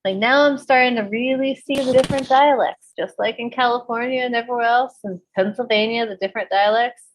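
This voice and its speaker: A woman from the Bay Area co-hosting a podcast in casual chat, swearing freely as she tells animated stories. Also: on the high side, fairly quick, slight background noise, low-quality recording. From San Francisco Bay Area. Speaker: podcast co-host.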